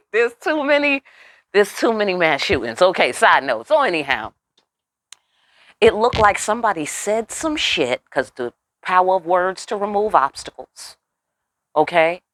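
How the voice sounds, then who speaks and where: A woman giving a casual tarot reading, animated and profane with chatty asides. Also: lowish voice, a little slow, no echo. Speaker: tarot reader.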